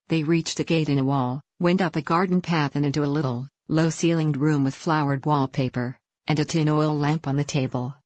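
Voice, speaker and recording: A woman reading a wartime escape story aloud as narrator, in a steady storytelling manner. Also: low-pitched, dry recording. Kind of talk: scripted narration.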